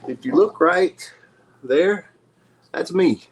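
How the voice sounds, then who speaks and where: A man's voice: sits high, lively intonation, takes it slowly, heavy background noise. A middle-aged man, a retired wrestler and podcast guest, telling stories in a casual, profane, laid-back way. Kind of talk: casual storytelling.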